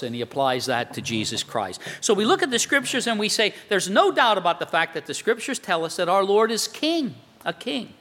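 A man's voice: sits high, very animated, a little fast, hardly any pauses, bright, forceful tone. A man preaching a sermon in a conversational way, quoting scripture and asking rhetorical questions. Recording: long hall reverb.

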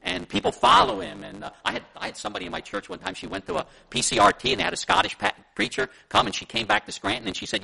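A man with a Pennsylvania Dutch accent, teaching a Sunday school class as its pastor. His voice is high, very gravelly and bright, and it swings up and down with lively energy. He rambles from anecdote to anecdote in an easy, conversational way. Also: quick pace, hardly any pauses, rough recording.

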